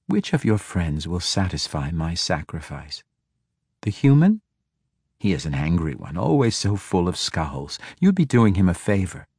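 A man reading a fantasy audiobook, voicing a cruel, mocking female dark elf who taunts her captive. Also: low voice, very animated, a little slow, breathy edge, no echo, clean studio sound, heavily acted. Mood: taunting. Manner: taunting, coaxing, menacing.

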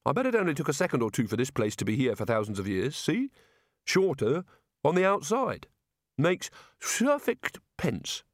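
A jittery, tipsy wizard rambles on in a raised, lively voice, jumping about in pitch as he talks himself in circles, as a male narrator puts him on. The reading is close and dry, with no room around it. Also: normal speed, no echo. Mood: rambling. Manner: excitable, rambling.

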